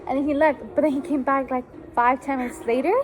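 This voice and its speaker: Young woman vlog co-host, very high voice, chatty and casual. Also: steady tone. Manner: chatty, quick asides, lots of "like". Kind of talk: casual storytelling chat.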